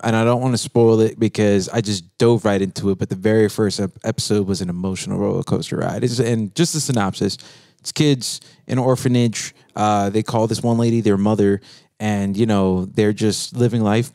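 Laid-back slangy man, low voice. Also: darkish tone, dry recording, clean studio sound. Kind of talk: casual podcast chat.

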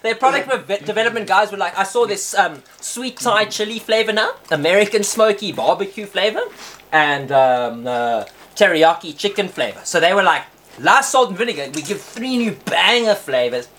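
A man's voice: sits high, expressive, normal speed, fairly bright tone, slight background noise. Chatty young man. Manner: laughing, filler-heavy and chatty. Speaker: host. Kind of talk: casual chat.

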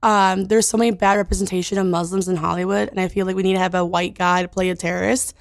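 A woman's voice: on the low side, little pitch movement, fast, vocal fry, no echo. A woman comic chatting as a guest, playful and often giggling. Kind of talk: casual chat. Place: radio studio.

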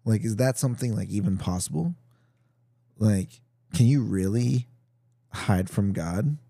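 A man with a low, very warm and mellow voice reads scripture, then thinks it over out loud in a loose, halting way. He hosts the show, and the sound is close and dry. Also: animated, creaky, husky, no room sound. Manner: thoughtful, halting, musing aloud. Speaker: podcast host. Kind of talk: Bible reading and casual reflection.

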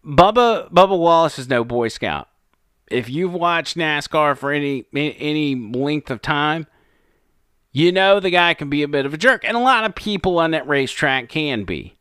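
A man's voice: on the high side, expressive, moderate pace, a bit bright, clean tone, no echo, studio quality. A man giving sarcastic, mocking opinion commentary over clips.

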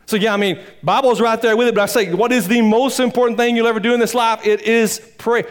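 High-voiced pastor preaching. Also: male voice, steady tone, quick pace. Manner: swings between loud emphatic peaks and low quiet asides; informal, rambling with restarts and folksy asides. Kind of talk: sermon. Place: church sanctuary.

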